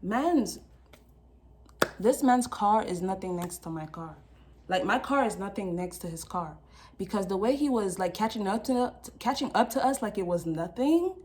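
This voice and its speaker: A young woman telling a casual storytime vlog, animated and full of slang, acting out quotes with laughs. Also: mid-range voice, moderate pace, a little hiss or hum. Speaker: vlogger.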